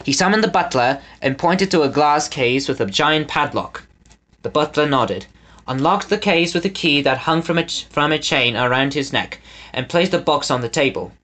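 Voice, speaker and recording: A man reading a children's storybook aloud as the narrator, with an expressive delivery. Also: a little high, normal speed. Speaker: audiobook reader.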